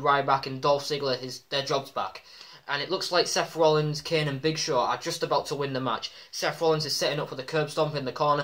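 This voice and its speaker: A man giving a casual, excitable wrestling commentary vlog, full of ums and acted-out shouts. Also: on the high side. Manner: excitable, many ums, acts out quoted shouts. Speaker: wrestling vlogger.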